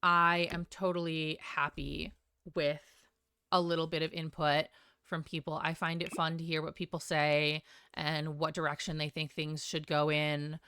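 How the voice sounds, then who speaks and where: A woman's voice: sits low, little pitch movement, unhurried, sharp tone, clean tone, no echo, studio quality. A woman streamer chatting casually and a bit scatterbrained while building in a game, with a sing-songy way of talking. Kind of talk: casual live-stream chat while gaming.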